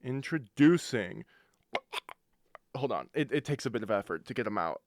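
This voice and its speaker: Speaking at an ordinary pace with lively intonation, this young adult man runs a college radio show and talks casually into a studio mic. His mid-range voice wanders from topic to topic as he interrupts himself with jokes, and there's no echo.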